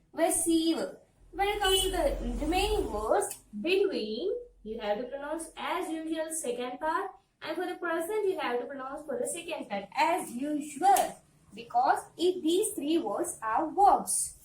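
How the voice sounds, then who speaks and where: A woman gives a pronunciation lesson in a high voice, patiently repeating each example word. She sits a little away from the mic in an echoey room. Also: lively intonation, recorded from a distance, a little hiss or hum. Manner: explains step by step, repeats words slowly, asks "right?". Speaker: English pronunciation teacher. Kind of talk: classroom-style lesson to camera.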